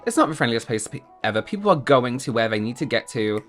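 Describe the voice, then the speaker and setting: An English man hosting a reaction video, chatting casually with quick asides and laughing at himself. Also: mid-range voice, very animated, fairly bright tone, faint music behind. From England.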